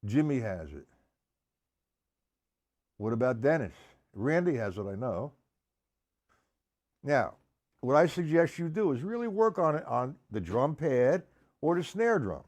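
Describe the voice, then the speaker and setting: A man's voice: mid-range voice, very animated, measured pace, long pauses, a little mellow. Man teaching drums, counting beats aloud. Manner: counts beats aloud, calls on students by name. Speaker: drum teacher. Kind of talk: live-streamed drum lesson. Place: drum studio indoors. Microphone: live stream microphone. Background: drum playing.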